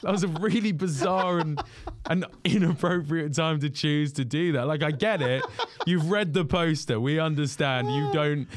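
A young man in his twenties, a guest impressionist, telling stories in a casual podcast chat, animated and laughing, full of "like". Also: on the high side, normal speed, slight background noise.

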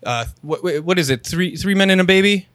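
A man co-hosting a comedy podcast, pitching a fake sponsor with many hesitations and fillers. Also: brisk, fairly bright tone, no room sound. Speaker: podcast co-host. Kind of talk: casual comedic chat.

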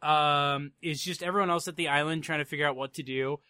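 A young man with a high, bright voice co-hosts a casual podcast. He recaps scenes loosely, laughs often and slips into quick voices for the characters. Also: steady tone, clean tone, dry recording, studio quality. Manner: laughing often, acting out quotes in put-on voices. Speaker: podcast co-host. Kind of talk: casual chat recapping a TV episode.

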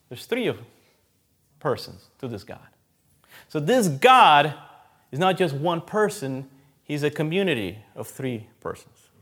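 Man, preacher, sermon, emphatic, repeats phrases, somewhat high voice. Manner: emphatic, repeats key phrases, rises and drops in loudness.

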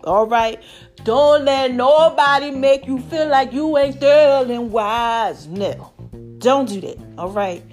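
A woman with a high, lively voice talks straight to her viewers in a chatty, preachy way. She swings between excited emphasis and quieter asides while encouraging them. Soft music sits faintly in the background. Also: slow pace. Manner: animated, preachy, addresses viewers as y'all. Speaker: vlogger. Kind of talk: motivational faith talk to viewers.

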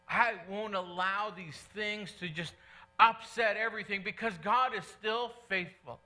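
A man's voice: high-pitched, steady tone, unhurried, pushed and bright. A middle-aged male pastor preaching a sermon in church, earnest and conversational, repeating key phrases for emphasis.

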